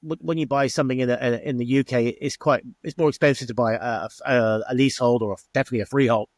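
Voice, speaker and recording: A man's voice: medium pitch, steady tone, quick pace, no room sound. A middle-aged man, a former bar owner telling stories in an interview and acting out the exchanges he quotes. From England. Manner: chatty, acts out quoted exchanges. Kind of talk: interview storytelling.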